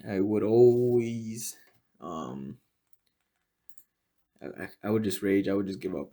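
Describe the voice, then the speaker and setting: A young man hosting a casual podcast, rambling and swearing constantly, full of fillers and often dropping to a low mutter. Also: expressive, slow, long pauses, dark tone. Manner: rambling and heavily profane, with many fillers. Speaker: podcast host.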